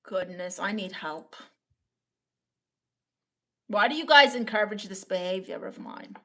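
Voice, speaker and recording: Brooklyn woman, livestream host, playful and jokey, bright voice. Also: medium pitch, lively intonation, measured pace. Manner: playful, laughs often, trying silly accents. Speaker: livestream host reading chat. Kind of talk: casual comedic livestream chat.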